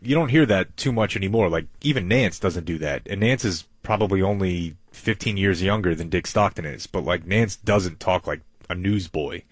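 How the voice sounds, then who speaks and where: A man's voice: deep voice, moderate pace, hardly any pauses, dry recording. A man co-hosting a casual sports talk show, thinking aloud in an easygoing way. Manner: relaxed, thinking aloud with fillers. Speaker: co-host.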